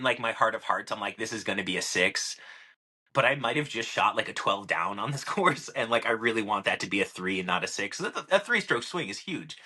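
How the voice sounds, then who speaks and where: Young male podcast co-host, bright tone, rambling, filler-heavy storyteller. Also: on the low side. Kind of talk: casual chat.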